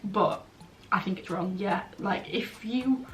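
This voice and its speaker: A woman's voice: medium pitch, slow pace, faint music behind. A young woman chatting frankly in a casual vlog Q&A, blunt and full of "like" fillers. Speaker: vlogger. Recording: roomy, slightly distant, faint background noise.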